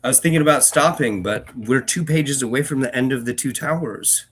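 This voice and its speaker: A man's voice: mid-range voice, brisk, a bit bright, husky. A man hosting a book-reading channel, chatting casually between readings in a rambling way, with frequent restarts and fillers. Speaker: reader and host.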